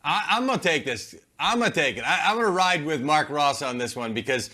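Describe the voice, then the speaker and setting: A man's voice: on the high side, lively intonation, fairly quick, pushed and bright. A man giving sports analysis on a live TV panel, stating his opinions emphatically and confidently.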